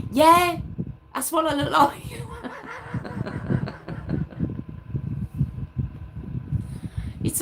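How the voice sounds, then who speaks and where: A woman hosting a live stream, chatting casually with her viewers in a rambling, self-mocking way. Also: mid-range voice. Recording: clear background noise with clicks.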